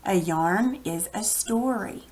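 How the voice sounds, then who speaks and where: A woman's voice: medium pitch, takes it slowly, a little mellow. A woman with a Texan accent, teaching a reading lesson to young students in a conversational, explaining way. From Texas.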